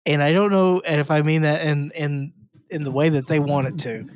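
A movie podcast co-host chatting casually, dropping quick wry remarks. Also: medium pitch, steady tone, darkish tone. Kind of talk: casual movie review chat.

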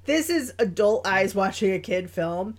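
A woman co-hosts a podcast, casually chatting about a film in an animated way and laughing often. Her mid-range voice keeps a measured pace.

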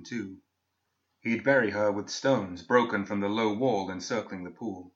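A man reading a fantasy story aloud in a measured, steady way, as scripted narration on a dull lo-fi recording. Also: fairly low pitch.

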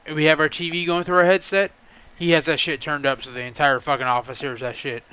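A man's voice: a little high, little pitch movement, fast talker, bright, forceful tone, clean tone. A man co-hosting a casual podcast chat, ranting with exasperation and heavy swearing about a coworker. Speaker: podcast co-host.

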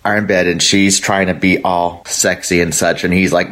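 Man, lower voice, fan leaving a rambling recorded message, chuckles as he tells it. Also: little pitch movement, normal speed, few pauses, fairly bright tone. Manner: rambling storytelling, laughs at his own tale. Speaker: listener sending in a memory.

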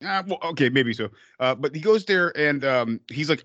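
Dude on a movie podcast, kinda high voice, super animated, swears a lot, dry mic. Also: male voice, normal speed, few pauses, no room sound, lo-fi sound. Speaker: podcast co-host. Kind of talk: casual film-review chat.

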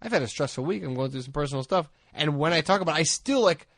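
A man's voice: a little high, lively intonation, quick pace, fairly bright tone, no room sound, studio quality. A man co-hosting a casual podcast chat, jokey and rambling, often laughing. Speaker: podcast co-host.

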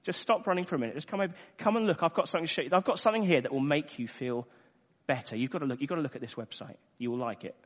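A man voicing Satan as a tempting, accusing spirit, speaking in a soft, low, coaxing murmur. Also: normal speed. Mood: wheedling. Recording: echoey hall, dull lo-fi sound.

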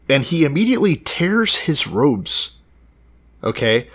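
Wisecracking man with animated delivery. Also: mid-range voice, normal speed. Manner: profane, teasing, blunt wisecracks. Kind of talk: casual comedic podcast banter about the Bible.

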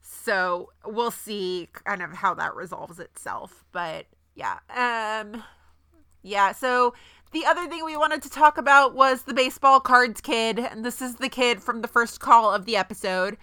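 Woman, podcast co-host, casual chat, bright forceful voice, dry close sound, hiccuping. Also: fairly high pitch, a little slow, no room sound. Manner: chatty, lots of fillers. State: has the hiccups.

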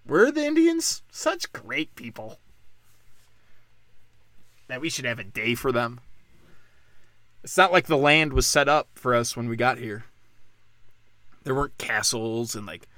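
A man's voice: mid-range voice, fairly even intonation, moderate pace, pauses often, dry recording. Sarcastic ranting man, dry close sound. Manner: sarcastic, mocking, swings from loud outbursts to muttering. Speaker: political commentator. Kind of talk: profane political rant.

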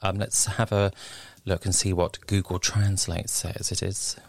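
A man's voice: low voice, little pitch movement, a little slow, creaky, no echo. A man presenting a radio show from a studio, cheery and upbeat with chatty asides.

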